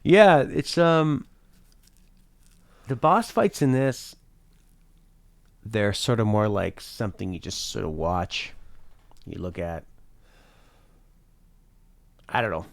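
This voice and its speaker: A man talks through a game in a casual, wry review, thinking aloud and rambling a little. His pitch moves about lively as he talks. The sound is dry and close. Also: slow pace, gravelly, long pauses, dry recording. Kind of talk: casual reaction commentary.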